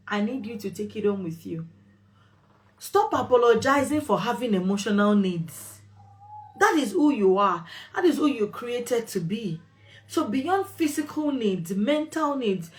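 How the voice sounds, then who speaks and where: A woman host talking straight to her viewers with relationship advice, firm and emphatic, repeating phrases for stress. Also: mid-range voice. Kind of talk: direct-to-camera advice talk.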